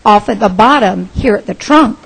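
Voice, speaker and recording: A woman's voice: medium pitch, expressive, normal speed, creaky, breathy edge, low-quality recording. A woman voicing a jolly, eager father bear in a Christmas picture book.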